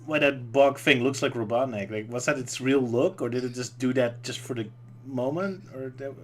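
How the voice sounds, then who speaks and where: A man's voice: mid-range voice, normal speed. A man hosting a podcast, chatting casually and joking with his co-hosts. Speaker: podcast host. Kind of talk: casual chat.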